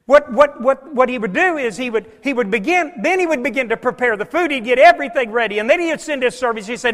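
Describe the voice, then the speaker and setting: A man preaching a sermon in a church, telling the story in a folksy way and acting out the dialogue, with his voice climbing to shouts. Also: very high-pitched, animated, quick pace, hardly any pauses. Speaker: pastor. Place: church sanctuary. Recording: long hall reverb.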